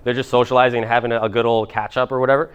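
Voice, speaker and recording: A man's voice: medium pitch, level tone, rapid-fire, clean tone, lo-fi sound. A man in his twenties telling a story at a seminar, casual and rambling, swearing now and then. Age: 20s. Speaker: motivational speaker.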